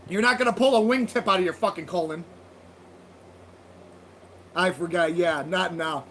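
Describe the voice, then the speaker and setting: A man's voice: high-pitched, normal speed, fairly bright tone, slight background noise, poor audio. A man hosting a livestream, chatting loosely with viewers, swearing freely and laughing at their comments. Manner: loose, profane, laughing banter. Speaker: livestream host. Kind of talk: casual livestream chat with viewers.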